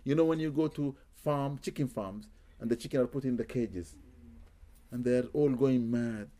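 A man's voice: mid-range voice, moderate pace, warm tone. Man telling a story with religious phrases. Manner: sprinkles Arabic religious phrases; repeats words for emphasis. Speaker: Muslim spiritual healer. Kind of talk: storytelling interview answers.

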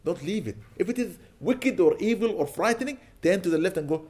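A man's voice: high voice, animated, fairly quick, a little mellow. A man speaking as a sheikh, giving a storytelling sermon in which he quotes Arabic and then translates it. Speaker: sheikh giving an Islamic lecture.

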